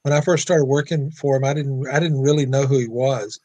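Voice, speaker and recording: A man guest telling a lively anecdote in an interview, acting out the dialogue. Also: mid-range voice, fairly quick, no echo. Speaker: guest attorney. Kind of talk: storytelling in an interview.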